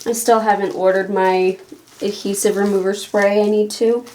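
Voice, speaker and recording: A woman's voice: mid-range voice, little pitch movement, moderate pace, darkish tone. Chatty, slightly breathless woman vlogger. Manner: chatty, rambling, laughs often. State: a little out of breath. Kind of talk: casual chat to camera.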